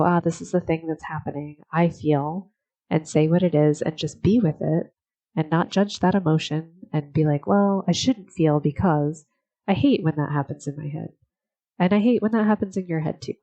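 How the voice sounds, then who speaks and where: A woman hosting a solo podcast, talking in a reflective, gently encouraging way and laughing often. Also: sits low, low-quality recording. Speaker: podcast host.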